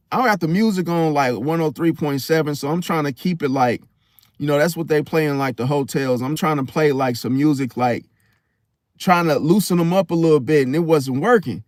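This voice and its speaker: Man, animated slangy storyteller, high voice, dry close sound. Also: normal speed, dry recording. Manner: animated, slangy, acts out quotes. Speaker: podcast host.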